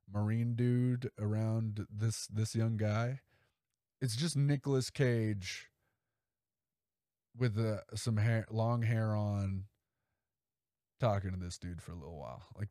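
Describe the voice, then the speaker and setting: A man's voice: lowish voice, mellow, dry recording, clean studio sound. A man hosting a podcast in a casual, rambling way, swearing freely and leaning on "like" and "you know". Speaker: podcast host. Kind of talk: casual chat.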